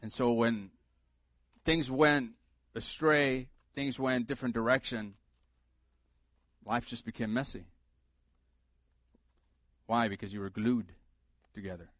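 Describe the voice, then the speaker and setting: A man's voice: mid-range voice, fairly even intonation, slow pace, pauses often, a bit bright, no room sound. Man preaching a casual, humorous sermon. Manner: conversational, humorous preaching with emphatic repetition. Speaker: pastor.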